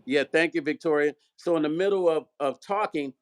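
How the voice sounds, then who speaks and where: A man spins a heated story for his vlog audience, slipping in and out of quoted voices as he goes. He cusses freely and keeps the momentum up. His voice sits a bit on the higher side for a man. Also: fairly quick, clear, resonant tone. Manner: animated storyteller, acts out quoted dialogue, profane. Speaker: vlog host, musician. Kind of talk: storytelling chat.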